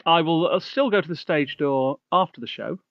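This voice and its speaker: A man's voice: on the high side, moderate pace, no room sound, lo-fi sound. A man playing a tabletop game, speaking hesitantly with many fillers. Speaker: player. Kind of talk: casual tabletop play.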